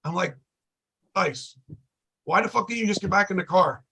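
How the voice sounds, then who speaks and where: A man with a high, bright, gravelly voice and a slightly husky edge. He tells a rambling, profane story in casual chat and acts out each quoted line with gusto. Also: moderate pace, a little hiss or hum. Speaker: podcast guest.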